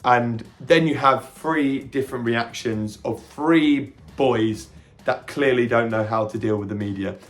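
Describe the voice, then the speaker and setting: A man hosting a podcast, retelling a film with animated energy, jumping into quick character quotes and stumbling over restarts now and then. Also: medium pitch. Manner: occasional stammering restarts. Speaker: podcast host reviewing a film. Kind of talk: casual film reaction recap.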